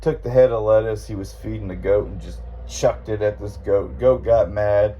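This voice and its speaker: Guy hosting a podcast, kinda low warm voice, just rambling thru a story off the cuff. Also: moderate pace, dull audio, a little hiss or hum. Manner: rambling, laughs through the story. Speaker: podcast host. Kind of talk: impromptu storytelling monologue.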